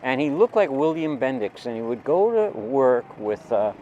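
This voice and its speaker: An older man in his seventies spins a personal story at an everyday mid pitch, wandering into asides and questions for the listener. Faint traffic hums in the background outdoors. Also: very animated, normal speed, warm tone, muffled recording. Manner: rambling, digressive, with asides to the listener.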